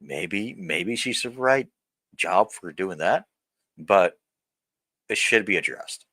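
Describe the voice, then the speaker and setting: A deep-voiced man in his thirties vlogs straight to camera, blunt and profane. His voice is low but hard-edged and forceful, and the sound is dry and close. He rambles, stops and restarts as he talks. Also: expressive, takes it slowly, no room sound. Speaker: vlogger. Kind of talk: candid personal vlog rant.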